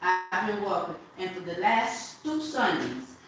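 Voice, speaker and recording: A woman's voice: lowish voice, animated, a little slow, over music. A woman in an exercise class chatting about her walks and encouraging others. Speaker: class participant. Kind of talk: casual chat. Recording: echoey room from far off.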